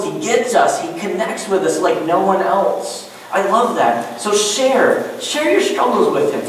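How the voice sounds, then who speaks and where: A man preaching a sermon to his congregation as pastor, animated and joking in asides. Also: high-pitched, slight background noise. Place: church. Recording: echoey church room from far off.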